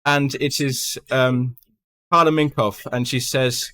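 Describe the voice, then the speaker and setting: A man's voice: mid-range voice, steady tone, slow pace, bright, forceful tone. A man running a tabletop horror game as game master, narrating casually with frequent ums.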